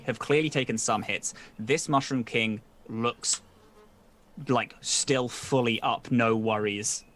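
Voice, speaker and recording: A man narrating as game master in a tabletop game, casual and loose, swearing freely and filling pauses with ums. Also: medium pitch, fairly bright tone.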